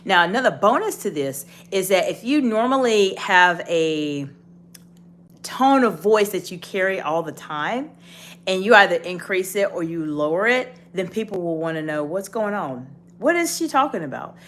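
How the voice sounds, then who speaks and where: A woman's voice: lowish voice, animated, moderate pace, fairly bright tone. Encouraging woman coaching on leadership. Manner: encouraging, instructive, addresses viewer directly. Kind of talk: direct-to-camera coaching talk.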